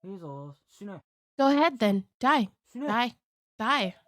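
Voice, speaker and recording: A woman's voice: on the high side, very animated, extremely slow, fairly bright tone, dry recording, clean studio sound, full character voice. A woman voicing a sinister inner voice that coaxes and taunts while she reads a horror game aloud. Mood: taunting.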